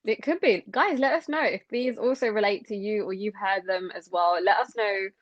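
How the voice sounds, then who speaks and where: A woman's voice: medium pitch, normal speed, dry recording, muffled recording. Chatty young woman from Sri Lanka. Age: young adult. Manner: chatty, hesitant with many fillers. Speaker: podcast co-host. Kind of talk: casual chat.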